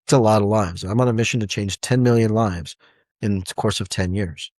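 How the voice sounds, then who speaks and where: A man's voice: fairly low pitch, brisk, no echo. Man, forties, self-help speaker, rambling motivational monologue, dry close recording. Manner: animated, rambling storytelling with repeated restarts.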